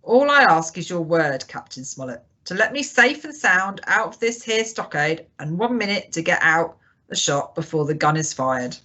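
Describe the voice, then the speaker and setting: A woman's voice: on the low side, very animated, moderate pace, sharp tone, highs cut off, exaggerated voice. A woman voicing a cheery, sly one-legged male pirate chief in an audiobook reading, hearty and wheedling.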